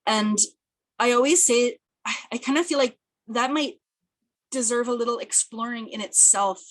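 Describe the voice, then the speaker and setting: A speaker, giving an earnest, thoughtful webinar presentation over a video call, slightly hoarse and often restarting phrases. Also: female voice, a little high, moderate pace. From British Columbia, Canada. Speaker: peer project coordinator and presenter. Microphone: video call, camera off.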